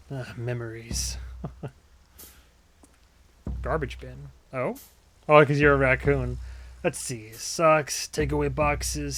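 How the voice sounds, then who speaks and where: A man's voice: a little high, fairly bright tone. A young man casually commentating a video game stream, laid-back and joking, with easy swearing.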